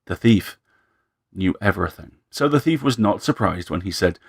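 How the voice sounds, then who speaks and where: A man narrating a story in a measured, dry storytelling manner. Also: sits low, lively intonation, vocal fry, husky, no echo.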